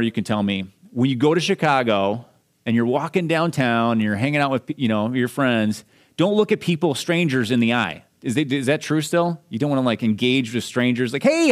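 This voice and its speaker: A man from Minnesota, a pastor giving a sermon, explaining scripture verse by verse in a conversational way. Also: mid-range voice.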